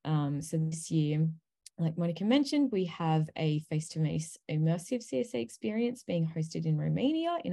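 A woman on an online panel, presenting a course pillar by pillar with many ums. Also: low voice. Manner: many ums, steady explaining pace.

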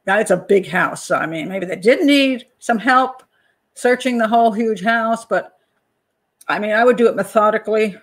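A woman hosting a true-crime channel, analysing a case in a casual, animated way, pausing to check her notes and acting out people's reactions. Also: mid-range voice. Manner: animated, talks to herself while checking notes, acts out panicked parents. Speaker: criminal profiler and channel host.

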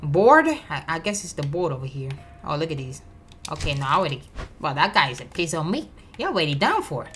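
A woman hosting a gaming channel, giving excitable, slangy, trash-talking let's play commentary and taunting enemies. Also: sits low, brisk. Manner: slangy, swears often. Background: game music.

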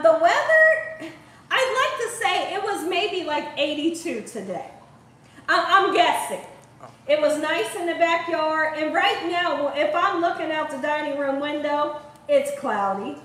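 A woman's voice: sits high, very animated, unhurried, fairly bright tone. A woman from Ohio hosting a home cooking show, chatting and laughing with her viewers as she cooks. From Columbus, Ohio. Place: home kitchen. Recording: echoey room, voice far from the mic.

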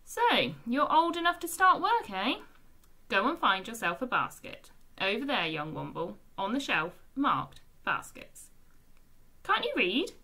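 A woman puts on a grumbling old male Womble who runs the storeroom, brusque and slow-spoken. The voice is bright and swings up and down in pitch, pushed louder than a plain reading. It is a storybook told aloud for young children. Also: very animated, heavily acted. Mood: gruff.

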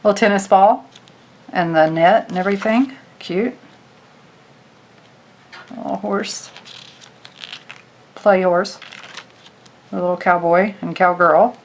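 A chatty woman walks her viewers through a craft booklet, gushing over nearly every page. Her voice sits at a middle pitch. A faint hiss runs underneath the recording. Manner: chatty and gushing, talking to viewers while flipping pages. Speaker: craft vlogger. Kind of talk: casual product walkthrough.

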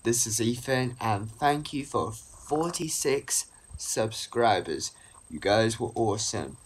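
A male channel host chats loosely to his viewers in a casual vlog, his pitch leaping up and down as he goes. He talks slowly and haltingly, tripping over words and restarting sentences. A faint hiss sits under the voice. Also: animated.

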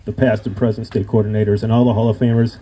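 A man's voice: on the low side, level tone, fast, mellow, husky. A man telling a rambling, self-deprecating story in an acceptance speech at a hall of fame induction. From Illinois.

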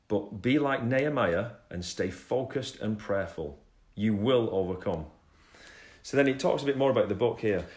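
In a low, darkish voice, a Christian man recounts his faith testimony during a casual religious livestream. His talk wanders and he often stops himself partway through sentences, pausing between stories to read scripture aloud. The echo suggests a sparse room at home.

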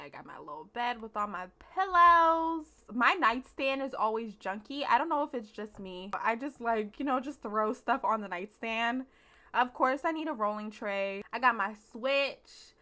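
A woman's voice: fairly high pitch, bright, forceful tone. A young woman chatting casually and playfully while touring her game house. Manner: chatty, slangy and playful, with little laughs. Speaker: gaming YouTuber. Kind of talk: casual let's play commentary.

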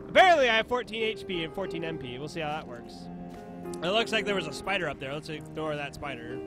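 A man's voice: high-pitched, huge pitch swings, moderate pace, over music. A playful young man giving casual commentary while playing a video game, often laughing and reading the game's lines aloud in put-on voices. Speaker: let's play host.

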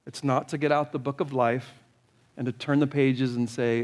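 A man's voice: mid-range voice, steady tone, moderate pace, darkish tone. A male pastor preaching a sermon, talking straight to the congregation and reading scripture aloud. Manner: earnest, direct preaching, reads scripture aloud. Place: church sanctuary.

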